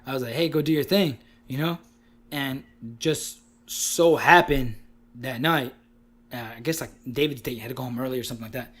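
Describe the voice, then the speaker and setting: A man's voice: medium pitch, normal speed, a bit bright. A young man co-hosting a podcast, telling a story in casual chat, acting out the quotes and laughing often. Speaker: podcast co-host.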